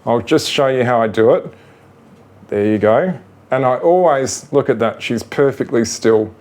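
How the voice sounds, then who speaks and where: A man, gently showing how he trains his ferrets, talking patiently and rambling with fillers. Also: mid-range voice, measured pace. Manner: gentle, patient, coaxing to the animals; rambling with fillers like "you know" and "sort of". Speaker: ferret owner demonstrating training. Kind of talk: casual how-to demonstration.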